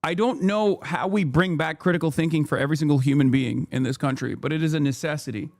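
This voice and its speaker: A man's voice: fairly high pitch, fast, no room sound. A man, ranting and swearing as he comments on a livestream. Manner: heated, ranting, swears often. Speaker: streamer.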